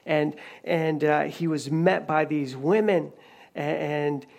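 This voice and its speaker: A man's voice: fairly high pitch, steady tone, slow, gravelly, a little mellow. A man preaching a sermon in a conversational way, retelling a story with frequent restarts. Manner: conversational preaching with many restarts and retold dialogue. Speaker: pastor.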